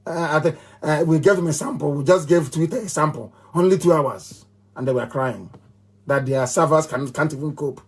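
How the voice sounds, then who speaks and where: A man's voice: fairly high pitch, normal speed, slightly rough. A middle-aged man with a Nigerian accent giving a fiery live radio address, emphatic and repeating phrases like a chant. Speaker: movement leader on radio.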